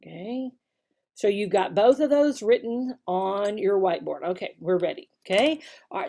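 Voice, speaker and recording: A woman online English teacher explaining how to run a demo lesson, alternating her slow, exaggerated classroom voice with casual explanation. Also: medium pitch, lively intonation, warm tone. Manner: slow, exaggerated teacher talk to an imagined child.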